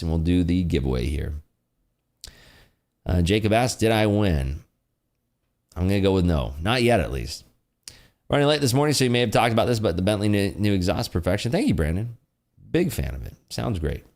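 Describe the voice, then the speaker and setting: A young man with a deep, somewhat dark voice hosts a relaxed trading livestream. He jokes around, reads the chat out loud, and laughs a lot.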